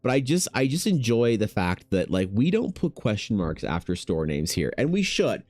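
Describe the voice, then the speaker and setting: A man's voice: lowish voice, sing-song, moderate pace, a little mellow, dry recording. A man chatting casually on a stream in a laid-back, slangy, rambling way. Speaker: streaming artist. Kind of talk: casual chat on a livestream.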